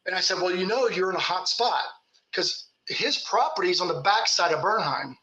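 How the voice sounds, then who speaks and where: Guy from kentucky spinning folksy stories, high bright voice, roomy echo. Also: normal speed. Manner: folksy, laughs while telling stories. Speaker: Bigfoot researcher guest. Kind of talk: casual storytelling.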